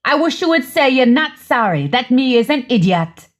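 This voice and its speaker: A woman voicing a hurt, sharp-tongued young woman who curses and bites back with sarcasm. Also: high-pitched, very animated, moderate pace. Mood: furious. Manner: cursing, biting, sarcastic.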